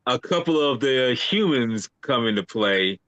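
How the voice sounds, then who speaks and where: A man with a bright, sharp voice swings his pitch widely as he recaps an anime episode with laughs and fillers. The sound is dry and close. He speaks as a co-host on a casual podcast. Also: measured pace, dry recording. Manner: animated, laughing storyteller with fillers.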